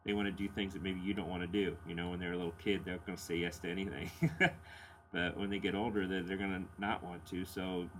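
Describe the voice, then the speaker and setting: A man's voice: low-pitched, little pitch movement, fast talker, a bit bright, a little hiss or hum. A middle-aged man hosting a blues radio show, casually answering listener letters in a rambling, candid way with plenty of fillers and chuckles.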